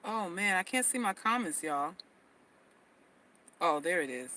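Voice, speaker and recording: A woman's voice: on the low side, expressive, unhurried, pauses often, pushed and bright, rough recording. A woman hosting a casual livestream advice talk, emphatic, often repeating phrases and restarting sentences. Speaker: host.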